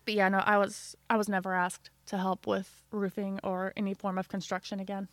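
A woman's voice: medium pitch, completely flat delivery, a little fast, dry recording. A woman from a small town co-hosting a casual podcast chat, wry, swearing casually and acting out quotes in her stories.

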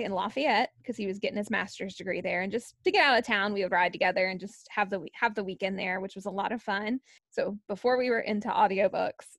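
A woman's voice: medium pitch, gravelly, dry recording. A woman, a podcast co-host telling a story in casual chat and laughing often.

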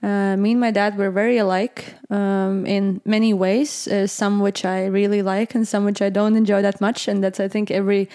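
A woman from Latvia, hosting a casual podcast chat, hesitant with many fillers and restarts and quick to laugh. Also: mid-range voice, little pitch movement, dark tone. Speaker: podcast host.

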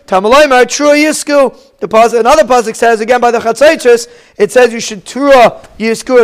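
A man's voice: extremely high pitch, clean tone. A man teaching a Talmud lesson in English, reading Hebrew and Aramaic with an Ashkenazi pronunciation and explaining each phrase.

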